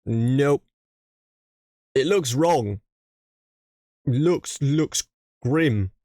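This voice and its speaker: A man's voice: medium pitch, lively intonation, extremely slow, warm tone, dry recording, studio quality. An English man reacting to a video on his stream, ranting animatedly and repeating himself in casual chat.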